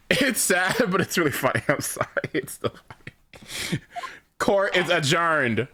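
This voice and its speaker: A man's voice: fairly high pitch, animated, slow, pushed and bright, no echo. A man streaming a game live, chatting casually and laughing easily as he plays from his home setup on a desk microphone. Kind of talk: live game playthrough chat.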